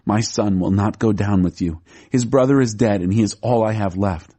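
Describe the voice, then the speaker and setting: Guy narrating a sad worn-out old dad in a bible story, low husky voice. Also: moderate pace, mellow. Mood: sorrowful. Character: grieving aged father, weary and stubborn.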